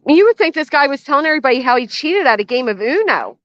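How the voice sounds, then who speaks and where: A woman's voice: high voice, big pitch swings, fast talker, fairly bright tone, no echo. An older woman hosting a reaction commentary channel, blunt, sarcastic and swearing freely, recorded outdoors by a garden fence. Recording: dull, dry lo-fi sound.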